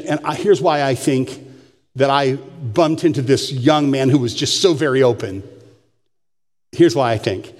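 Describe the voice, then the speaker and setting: An older man, a pastor, preaching a sermon with folksy, humorous storytelling in a church sanctuary. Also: a little high. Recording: long church hall reverb.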